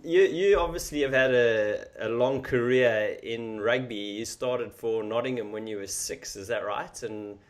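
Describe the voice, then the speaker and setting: A man's voice: medium pitch, measured pace, few pauses. Upbeat male podcast host. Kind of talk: casual interview questions.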